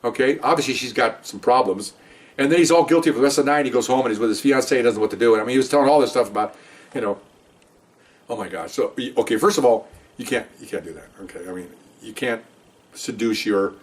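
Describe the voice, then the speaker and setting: A man's voice: mid-range voice, quick pace. A man in his sixties, a retired police detective, telling stories in a rambling, conversational way with many asides. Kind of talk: casual storytelling. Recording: voice a bit distant from the mic.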